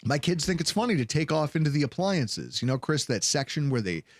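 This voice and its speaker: A man in his thirties hosting a sports podcast, telling a story with lively acted-out voices. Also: a little high, fairly quick, no echo, studio quality. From Buffalo, New York area. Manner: animated, acts out voices in anecdotes. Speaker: podcast host.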